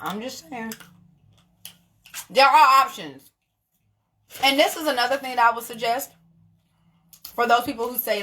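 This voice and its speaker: Bright-voiced, blunt young woman vlogging. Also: fairly high pitch, unhurried, long pauses. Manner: animated, blunt, swears freely, laughs often. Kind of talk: casual monologue to camera.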